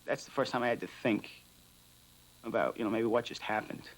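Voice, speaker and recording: A man's voice: medium pitch, brisk, creaky, poor audio. A man, a firefighter, telling his story candidly and with feeling in a documentary interview, acting out the dialogue. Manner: candid, emotional retelling with lively quoted dialogue. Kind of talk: first-hand account in a documentary interview.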